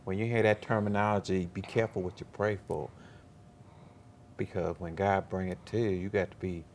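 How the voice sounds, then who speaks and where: A man's voice: low-pitched, fairly even intonation, moderate pace, a little hiss or hum. A man hosting a talk show, encouraging his guest with prompts and short affirmations. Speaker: host.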